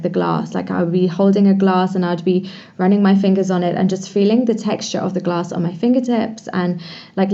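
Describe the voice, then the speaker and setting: Woman podcast guest, mellow, dull lo-fi audio, eager rambling delivery. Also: medium pitch. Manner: enthusiastic, talks in long flowing runs with many "like"s. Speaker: podcast guest, pleasure coach. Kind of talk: casual podcast interview.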